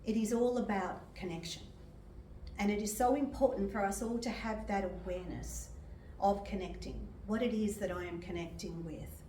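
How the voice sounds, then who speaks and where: An older woman, a medium and reverend, gives a sermon with personal testimony in a gentle, emotional way and laughs often. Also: mid-range voice, moderate pace, a little hiss or hum. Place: church hall. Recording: echoey hall from far off.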